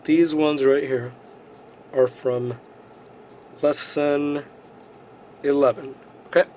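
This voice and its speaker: A man's voice: fairly high pitch, flat delivery, takes it slowly, a little mellow, slight background noise. A male teacher giving a recorded vocabulary review lesson, explaining words plainly and often checking in with students.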